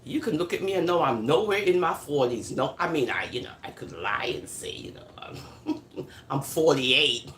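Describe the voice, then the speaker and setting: A woman's voice: sits low, lively intonation, normal speed, a bit bright, roomy sound, a little hiss or hum. A woman chatting casually on a live stream, laughing often and switching between patois and standard speech. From born in England, raised in America. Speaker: live-stream host answering comments.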